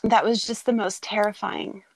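A middle-aged woman telling her daughter the story of her birth in a casual, heartfelt talk, halting and full of fillers. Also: mid-range voice, steady tone, no echo, rough recording. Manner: tender, halting, with many fillers and laughs.

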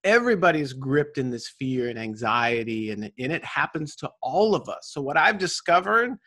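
A man speaking as an interview guest, giving motivational advice in an energetic, preachy way with frequent "right?" tags. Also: medium pitch, normal speed. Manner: energetic, preachy, tag questions. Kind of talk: motivational conversation.

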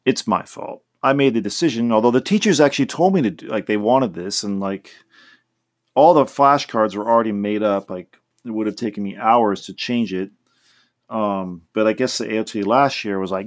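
A podcast host with a lowish voice speaks at a moderate pace in a casual, rambling monologue. His talk is loose and full of restarts, with faint guitar he plays himself in the background.

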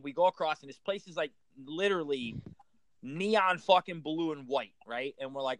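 Halting, profane male coach, dry sound. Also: fairly high pitch, no echo. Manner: profane, halting, restarts often. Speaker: hockey coach. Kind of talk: casual storytelling chat.

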